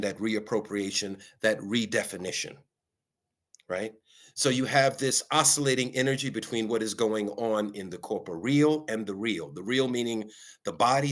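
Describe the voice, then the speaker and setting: A man speaking as a guest, talking reflectively and measuredly, often pausing on "um" and checking in with "right?". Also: lowish voice, fairly bright tone. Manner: measured, with frequent ums and rhetorical "right?". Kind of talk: reflective conversational talk.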